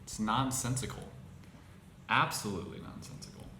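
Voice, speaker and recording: A man hosting his own show, talking in a casual monologue, halting and restarting his phrases with exasperation. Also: on the low side. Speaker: podcast host. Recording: echoey room with faint noise.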